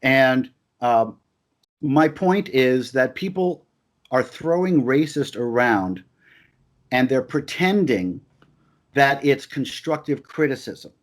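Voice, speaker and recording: An emphatic man in a heated back-and-forth conversation. He presses his points again and again, and often trips over restarts before getting the words out. His voice sits at an ordinary middle pitch. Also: lively intonation, slow.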